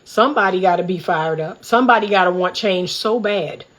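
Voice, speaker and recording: A woman's voice: lowish voice, a little fast, fairly bright tone, slight background noise. A middle-aged woman from the Washington D.C. area, hosting a livestream, talking in a fired-up, preachy and candid way. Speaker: relationship coach and host. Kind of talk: livestream commentary monologue.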